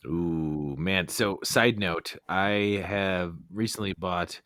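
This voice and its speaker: A man's voice: low-pitched, slow pace, fairly bright tone, no echo, studio quality. A man hosting a casual podcast chat about beer, laughing often and talking with plenty of fillers and restarts. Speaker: podcast host. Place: Chicago area.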